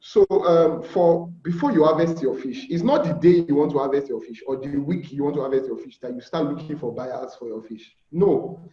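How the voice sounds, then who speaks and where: On a muffled, echoey video call, a Nigerian aquaculture instructor teaches an informal fish farming class in a warm, somewhat high voice at moderate pace with hardly any pauses. He's chatty and conversational, often checking in with "all right?" and acting out bargaining with buyers.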